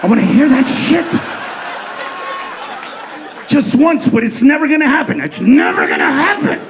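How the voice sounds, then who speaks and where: A man doing stand-up comedy on stage into a handheld mic, loud, profane and punchy. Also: very high voice, expressive, normal speed, a crowd in the background, noisy background.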